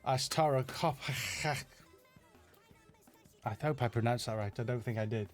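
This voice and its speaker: A middle-aged Yorkshireman with a broad Yorkshire accent, chatting loosely through viewer questions in a live stream. He rambles in an easygoing, self-mocking way, full of ums and restarts, at a middling pitch, with faint music under him. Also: unhurried. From Yorkshire, England. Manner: chatty and self-deprecating, many fillers and restarts. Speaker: animator answering viewer questions. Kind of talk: casual live Q&A.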